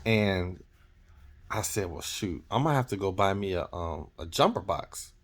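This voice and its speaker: A man's voice: low-pitched, lively intonation, normal speed. A man, a truck driver, telling a rambling story in a casual vlog and often correcting himself as he goes. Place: in or near his truck.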